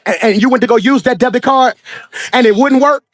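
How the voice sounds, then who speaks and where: A man preaching a sermon as pastor, swinging from shouted high points to low, quiet asides and acting out characters. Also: no room sound. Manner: acts out characters in quick dramatic voices.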